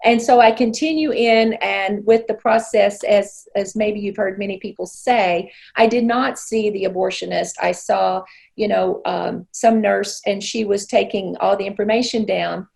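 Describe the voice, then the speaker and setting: A woman's voice: mid-range voice, fairly even intonation, unhurried, gravelly, darkish tone. A woman in her sixties, from Arkansas, earnestly telling her personal story as an interview guest. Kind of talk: personal testimony in conversation.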